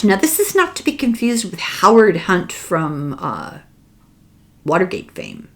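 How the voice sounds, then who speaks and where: A woman's voice: medium pitch, normal speed. An older woman with an Irish accent, hosting a podcast and retelling a book in a casual, wry, conspiratorial way. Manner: animated, wry, conspiratorial storytelling. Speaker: podcast host discussing a book. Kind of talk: casual chat.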